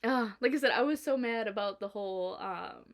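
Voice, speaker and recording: A young woman vlogging at home, chatting and telling a story with animated quoting and laughter. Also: on the high side, fairly quick. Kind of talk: casual chat. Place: indoors at home.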